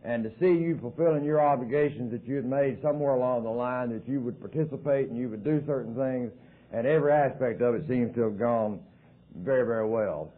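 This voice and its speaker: On a tinny old tape, a folksy man from the American South, with a Southern American accent, gives a recovery talk at an AA meeting. He speaks briskly at medium pitch, as a joking storyteller.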